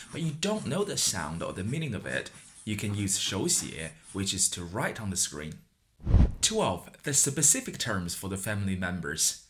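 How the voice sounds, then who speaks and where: Man, native Chinese speaker, teaching an upbeat lesson with a very animated, swooping delivery, over clear background noise and clicks. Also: mid-range voice. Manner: upbeat, stresses example words. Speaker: language teacher. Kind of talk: scripted explainer lesson. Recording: noisy recording with clicks.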